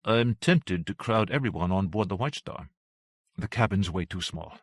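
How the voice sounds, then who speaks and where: A man's voice: low voice, animated, normal speed, dry recording, clean studio sound. A man voicing a blunt, practical woman who speaks in a matter-of-fact way.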